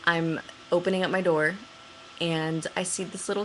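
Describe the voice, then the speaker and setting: A young woman chats straight to the camera, piling on fillers and jumping up high whenever she replays her own panic. Her voice sits a little low for a woman, with a faint hiss of noise behind it. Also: normal speed, poor audio. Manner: chatty, excitable, many fillers, acts out her own panicked quotes in a higher voice. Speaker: vlogger. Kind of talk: casual storytelling to camera.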